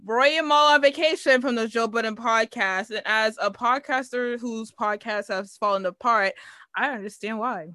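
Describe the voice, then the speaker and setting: A woman co-hosting a podcast in casual chat, expressive and exclaiming often. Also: on the high side, dry recording. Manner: expressive, exclaiming, quick laughs. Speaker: podcast co-host.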